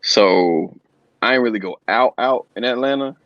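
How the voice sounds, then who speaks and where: A man's voice: mid-range voice, moderate pace, no room sound. Rambling man on a dull, dry line. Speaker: comedian guest. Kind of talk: casual comedic chat.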